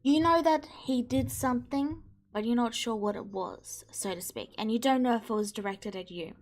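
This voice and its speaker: A woman running a tabletop game as game master, explaining rules in a measured way. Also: a little high.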